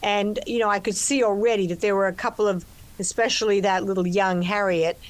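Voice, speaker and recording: An older woman in a relaxed interview, talking about making her film, full of restarts and "you know"s. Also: mid-range voice, a little fast. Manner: expansive, restarts often, many "you know"s. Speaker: actress and co-writer discussing her film. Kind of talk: conversational interview.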